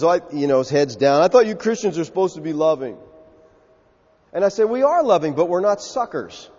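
A pastor preaching a sermon, telling stories with animation and acting out the voices of the people in them. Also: male voice, fairly high pitch. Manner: animated storytelling, acts out quoted voices. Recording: dull lo-fi sound with long hall reverb.

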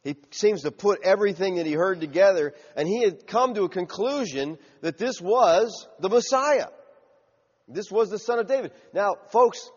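A fairly high-voiced man preaching with real animation, his pitch rising and falling as he builds the story. The sound is a little muffled and rings with a long reverb, as if heard in a large church hall. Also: moderate pace, slightly rough. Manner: animated preaching, acting out crowd voices and shouts. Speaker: pastor. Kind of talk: sermon.

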